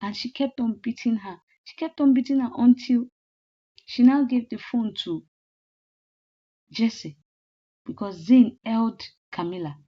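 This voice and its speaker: A woman's voice: fairly high pitch, a little slow, pauses often, warm tone. A woman casually retelling a movie plot step by step, with lots of "then she was like". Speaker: movie recap storyteller. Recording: slightly muffled lo-fi audio.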